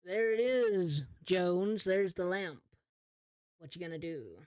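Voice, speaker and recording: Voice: medium pitch, slow, a little mellow, no room sound. A game master narrating a pirate tabletop game in a casual, playful way, teasing the players.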